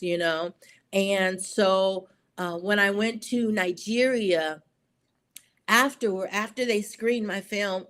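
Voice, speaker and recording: Woman, interview guest, earnest, emotional, halting with fillers, mid pitch. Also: a bit bright. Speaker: guest, poet and filmmaker. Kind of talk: storytelling interview talk.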